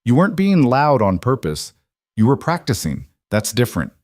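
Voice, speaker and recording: A man voicing a stressed working woman in a spoken story, clipped, tense and quick to defend herself. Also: mid-range voice, wildly swooping pitch, darkish tone, no echo, clean studio sound, voice pushed up. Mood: strained.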